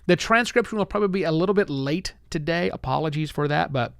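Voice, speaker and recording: A man hosts his solo podcast live, talking lively and loose, with self-deprecating asides. His voice sits a bit high for a man and comes through a close, dry mic with no room sound. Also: fast, gravelly, clear, resonant tone, dry recording. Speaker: podcast host.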